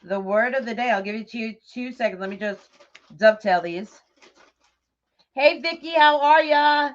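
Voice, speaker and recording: A woman's voice: a little high, moderate pace. A middle-aged woman hosting a craft livestream, chatting casually, greeting viewers by name and laughing often. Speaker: livestream host of a bow-making craft show. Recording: dull lo-fi livestream audio.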